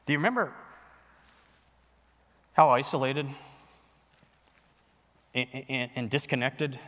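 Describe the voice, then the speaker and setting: A man preaching a sermon as pastor in a church worship center, animated and conversational, joking with the congregation. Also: mid-range voice, slow pace, in a large hall.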